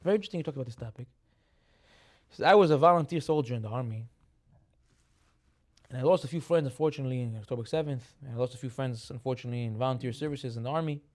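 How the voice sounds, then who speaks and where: A man giving an animated sermon as a rabbi. He repeats phrases, mixes in Hebrew terms, and builds to loud emphatic peaks. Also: mid-range voice, racing, long pauses.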